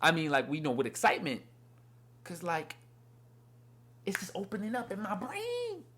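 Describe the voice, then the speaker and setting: Young male Bible teacher, loose earnest rambler, animated up-and-down delivery. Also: high-pitched, moderate pace, husky. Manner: rambling, earnest, repeats "you know what I mean". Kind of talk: casual devotional talk.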